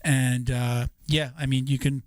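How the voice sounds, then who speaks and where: A man's voice: medium pitch, flat delivery, a little slow, a little mellow, dry recording, studio quality. A man hosting a casual podcast, chatting easily and reading sponsor messages with a few fillers. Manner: easygoing, reads sponsor copy with fillers. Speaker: podcast host.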